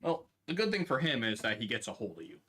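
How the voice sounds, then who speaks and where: A man's voice: mid-range voice, very animated, fast, sharp tone, husky. A man narrating a tabletop game as game master, playful and teasing with his players.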